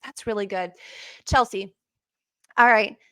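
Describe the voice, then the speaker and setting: A woman's voice: mid-range voice, unhurried, bright, forceful tone, no echo, studio quality. A woman in her forties hosting a podcast, chatty and affirming, often trailing off and restarting her thoughts. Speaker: podcast host. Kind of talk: casual interview chat.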